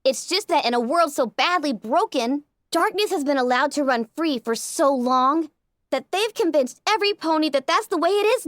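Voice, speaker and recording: This audiobook narrator has a high voice, captured in a dry, close-miked recording. She reads first-person fan fiction with feeling and passion.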